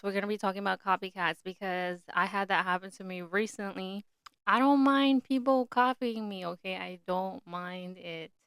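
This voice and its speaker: A woman's voice: mid-range voice, fairly bright tone, smooth, no room sound, studio quality. A young woman hosting a podcast, talking in a blunt, opinionated and chatty way. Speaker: podcast host. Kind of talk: casual solo podcast talk.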